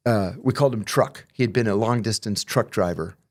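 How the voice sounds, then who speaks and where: A man's voice: on the low side, a little fast. A middle-aged man telling prison stories in casual conversation, acting out the quoted exchanges with profanity.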